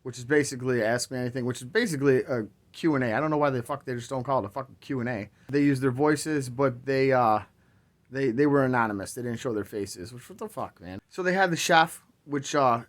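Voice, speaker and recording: A man's voice: mid-range voice, a little fast. Man, crypto vlogger, swears constantly, exasperated rambling rant, sarcastic. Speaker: crypto video host. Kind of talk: ranting casual commentary.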